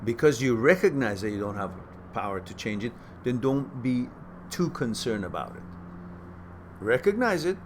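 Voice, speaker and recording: A man hosts a live question-and-answer talk, answering viewers in a casual, plain-spoken way. His voice sits at an ordinary middle pitch but jumps higher and louder when he presses a point, and he often repeats words while he thinks. Faint background noise runs under the recording. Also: big pitch swings, moderate pace.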